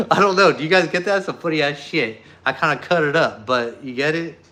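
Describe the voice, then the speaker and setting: A man with a bright, forceful voice chats casually with his viewers. He rambles through a story, swearing often and stumbling over filler words. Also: on the high side, lively intonation, fairly quick. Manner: profane, rambling, full of fillers. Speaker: streamer talking to viewers. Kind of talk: casual chat and joke telling.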